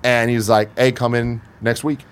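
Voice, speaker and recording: A man's voice: mid-range voice, normal speed, clean tone. A young man telling a story in casual podcast chat, swearing freely and acting out the people he quotes. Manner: profane, animated, acts out quoted people. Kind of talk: casual storytelling among friends.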